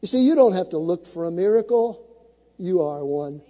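A man's voice: high voice, lively intonation, moderate pace, mellow, big-room sound. A male pastor preaching a sermon to a congregation, with dramatic build-ups, acting out the scripture stories he tells.

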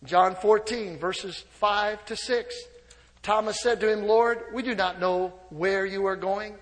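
High-voiced shouting preacher in a reverberant hall. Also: male voice, steady tone, unhurried. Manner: preaching with swings from hushed to shouting; humorous asides and laughter. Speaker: pastor. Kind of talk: sermon. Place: church sanctuary.

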